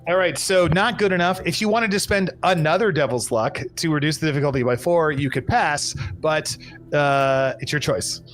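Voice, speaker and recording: A man's voice: fairly high pitch, a bit bright, soft background music. A man running a live tabletop pirate game as game master, explaining rules and narrating a storm with restarts and fillers. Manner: rambling, restarts and fillers, brisk rules talk.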